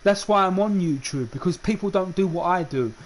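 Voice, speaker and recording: Heated high-voiced gamer ranting. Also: male voice, a little fast. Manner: heated, repetitive, stammers on restarts. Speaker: gaming streamer. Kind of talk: unscripted ranting monologue.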